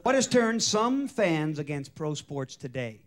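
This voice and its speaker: A man hosting a television game show, teasing the contestants in an animated, joking way. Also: on the high side, a little slow. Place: television studio stage. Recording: archival TV broadcast with loud studio audience.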